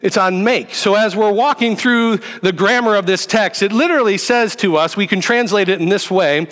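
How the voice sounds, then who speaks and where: A male pastor delivers a sermon in a relaxed teaching tone, often checking in with the room through quick questions. His voice sits high for a man. The sound carries a long reverb from a church hall. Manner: conversational teaching with rhetorical questions.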